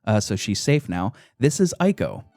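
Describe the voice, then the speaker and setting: A man's voice: on the low side, sing-song, moderate pace, a little mellow, no room sound, clean studio sound, faint music behind. A man hosting a podcast, casually retelling a game's story, laughing often and swearing now and then. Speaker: podcast host.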